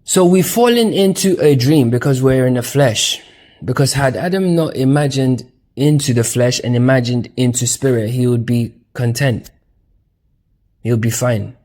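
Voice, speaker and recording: A man's voice: mid-range voice, normal speed, darkish tone. A man giving a loose, casual spiritual lecture with slang, emphasis, and frequent fillers. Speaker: teacher.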